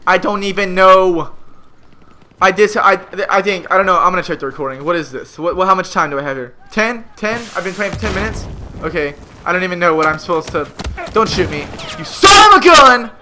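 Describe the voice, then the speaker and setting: A young man rants through a game at home, frustrated and exasperated, breaking into sudden loud outbursts. His voice sits high and sounds bright and tense. A faint hum runs behind him as he talks into a headset. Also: steady tone, fairly quick. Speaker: gamer. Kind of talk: gameplay commentary rant.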